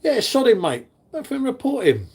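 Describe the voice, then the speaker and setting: A man's voice: very high-pitched, huge pitch swings, moderate pace, slightly rough. A man hosting a casual live stream, chatting with viewers in the chat by name. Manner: chatty, matey, talks to chat readers by name.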